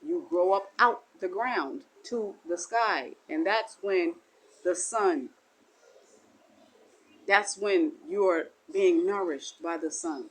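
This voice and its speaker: A woman's voice: fairly low pitch, takes it slowly, rough recording. Woman giving a meandering spiritual talk. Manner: meandering, repetitive, folksy. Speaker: self-styled spiritual teacher. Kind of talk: spiritual monologue.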